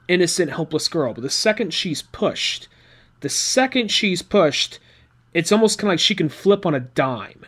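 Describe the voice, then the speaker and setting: Chatty man hosting a comics podcast. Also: a little high. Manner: rambling, chatty retelling with asides. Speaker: podcast host. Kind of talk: casual comic book recap.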